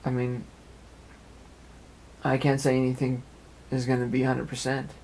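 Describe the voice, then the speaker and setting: A man's voice: medium pitch, monotone, normal speed, creaky, darkish tone, slight background noise. A young man talking at length in an earnest, rambling personal monologue, repeating phrases as he goes, recorded in an apartment. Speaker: amateur web radio speaker.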